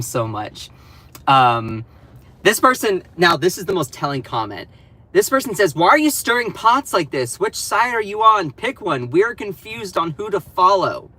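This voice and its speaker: Sassy Southern man with a bright voice. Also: medium pitch, poor audio. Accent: Southern American. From American South. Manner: sassy, animated, teasing asides. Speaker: political commentator. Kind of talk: casual live-stream commentary.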